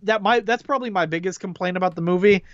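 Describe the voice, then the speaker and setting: Higher-voiced man, dull lo-fi podcast audio. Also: quick pace, dry recording. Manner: relaxed, filler-heavy opinions. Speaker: podcast co-host. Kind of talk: casual film review chat. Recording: dull dry lo-fi sound.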